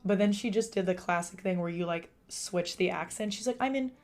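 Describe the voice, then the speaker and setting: A young woman streaming from a room at home with a monotone voice. She chats casually and answers her chat. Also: lowish voice, fairly quick. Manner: chatty, reads out and answers chat. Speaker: live streamer.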